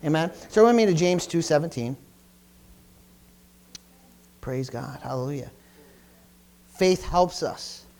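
A man's voice: a little high, animated, slow pace, long pauses, darkish tone. A pastor preaching a sermon to his congregation, emphatic and repetitive, stumbling over restarts and calling out for amens. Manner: emphatic, repetitive, stammering restarts, call-and-response. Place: church service.

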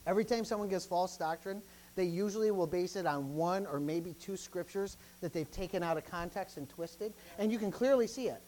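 A man's voice: fairly quick, slight background noise, poor audio. A man preaching a sermon as pastor, emphatic and repetitive, often calling out interjections between points. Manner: lively, swinging between loud bursts and low asides.

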